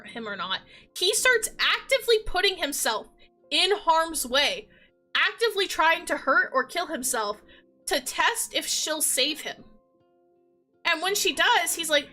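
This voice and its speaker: Very high-pitched, bright woman streamer. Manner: rambling, lots of "like" fillers, animated storytelling. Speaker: livestreamer. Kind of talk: casual chat recapping a game.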